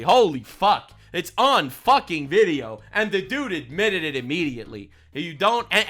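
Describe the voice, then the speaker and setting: A man's voice: high voice, creaky, bright, forceful tone. A man delivering ranting commentary, sarcastic and full of profanity, with angry outbursts. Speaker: online commentator.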